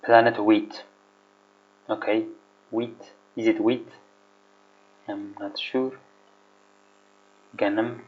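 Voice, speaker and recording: Slow, hesitant man teaching vocabulary. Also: on the low side, level tone. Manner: hesitant, searching for words, repeats himself. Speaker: language teacher. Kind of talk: casual vocabulary lesson, thinking aloud. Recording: dull lo-fi recording.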